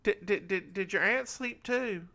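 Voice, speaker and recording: A man co-hosting a podcast, recapping a TV episode in a campy, teasing, animated way. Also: high voice, a little slow. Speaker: podcast co-host. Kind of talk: casual chat recapping a TV episode.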